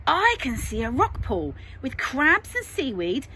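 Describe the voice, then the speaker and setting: A woman's voice: huge pitch swings, a little slow, sharp tone, exaggerated voice. Woman voicing an eager, stubborn little boy. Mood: excited. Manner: high, eager, insistent. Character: excitable young boy, stubborn and imaginative. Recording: noisy home recording.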